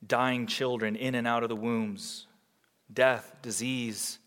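A man preaching a sermon as pastor, swinging from loud emphatic peaks to hushed low passages. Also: little pitch movement, slow, in a large hall.

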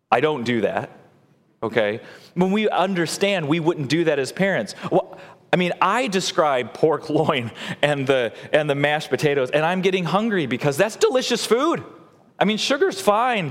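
A man's voice: fairly high pitch, big pitch swings, moderate pace, big-room sound. A male pastor preaching a sermon in a conversational way, acting out quotes and building to emphatic points.

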